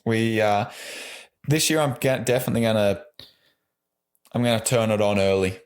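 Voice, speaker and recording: A man's voice: lowish voice, moderate pace. A man with an Australian accent, a guest on a podcast, chatting easygoing and rambling with lots of "like". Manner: easygoing, rambling, says "like" a lot. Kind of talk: casual podcast chat.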